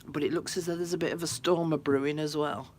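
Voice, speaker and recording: A woman's voice: low-pitched, fairly even intonation, fast talker, a little mellow, a little hiss or hum. Chatty woman livestreaming. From United Kingdom. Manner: chatty, talks to viewers, frequent laughs. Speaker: craft livestream host. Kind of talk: casual livestream chat. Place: room at home by a window.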